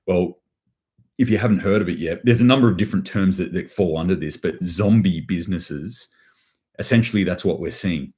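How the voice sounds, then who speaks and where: A man's voice: sits low, lively intonation, moderate pace, mellow, breathy edge. A man hosting a rambling, sardonic live news commentary, often restarting his phrases as he reads chat. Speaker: host.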